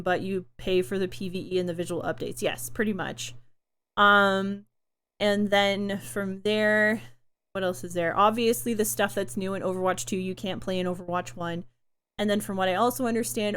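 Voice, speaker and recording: A young adult woman streamer in casual live-stream chat, chatty and giggly, rambling with fillers, her throat tired from talking. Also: mid-range voice.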